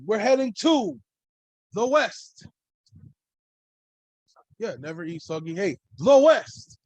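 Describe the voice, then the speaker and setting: Man, podcast host, high voice, dry sound, rambling, casual cursing. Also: very animated, slow, long pauses, no room sound, low-quality recording. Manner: loose, rambling, swears freely. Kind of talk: casual solo sports podcast talk.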